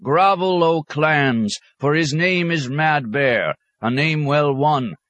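A man's voice: fairly high pitch, takes it slowly, fairly bright tone, no echo, voice pushed up. A man voicing an old male warrior who chants a ceremonial proclamation in solemn, archaic tones. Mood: ceremonial wailing.

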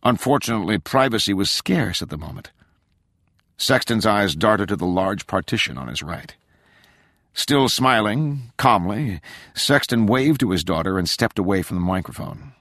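Low, expressive male audiobook narrator, dramatic thriller reading, dry close sound. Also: moderate pace, dry recording. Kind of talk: scripted narration.

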